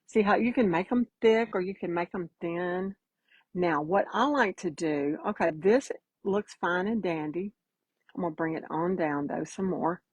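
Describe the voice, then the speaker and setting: A painting instructor with a drawl chats her way through a live painting demo, folksy and easygoing, in a low, slightly husky voice. She takes her time. The recording is low quality, dry and close-miked with no room sound at all.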